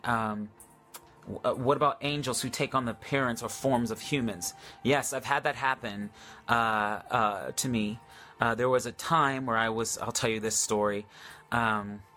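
A man of middle pitch answers viewer questions in a relaxed, chatty way. He is eager and excitable but often hesitates with ums and false starts. Faint music plays underneath. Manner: enthusiastic, hesitant with many ums and restarts. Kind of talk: casual live Q&A about faith.

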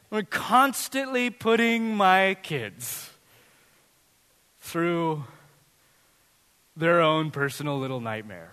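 A man in his thirties preaches with animated, humorous storytelling. His voice sits high and sounds bright and forceful. A long church-hall reverb follows his words. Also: takes it slowly, pauses often, clear, resonant tone. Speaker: pastor. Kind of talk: sermon. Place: church sanctuary.

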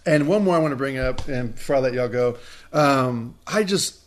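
A man's voice: mid-range voice, normal speed. A man co-hosting a casual podcast chat, animatedly retelling film scenes and acting out the lines. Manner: animated storyteller, acts out movie quotes. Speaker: podcast co-host.

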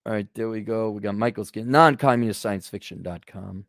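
A man's voice: fairly low pitch, a little fast, creaky, dry recording, studio quality. A man hosting a livestream, ranting sarcastically and bluntly while reading out donations. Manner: sarcastic, blunt, acts out imagined dialogue. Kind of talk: casual ranting monologue.

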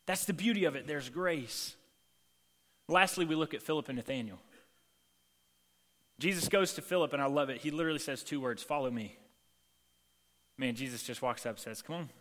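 Casual preacher in an echoing hall. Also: male voice, a little high, moderate pace, pauses often. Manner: casual and animated, acts out quoted lines. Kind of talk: sermon. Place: church sanctuary. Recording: long reverb of a large hall.

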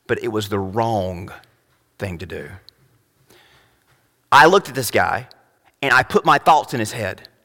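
A young adult man preaching a sermon as pastor, emphatic, rising to loud high peaks. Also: long reverb tail.

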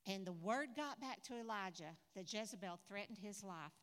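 An older woman preaching a sermon at a conference in a church hall, lively and humorous, talking straight to the audience. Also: medium pitch, normal speed, few pauses. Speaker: conference speaker. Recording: echoey hall.

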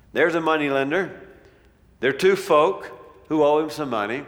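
A man preaching a sermon, swinging from loud declaiming to near-whispers. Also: a little high, animated, moderate pace. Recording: long reverb of a large hall.

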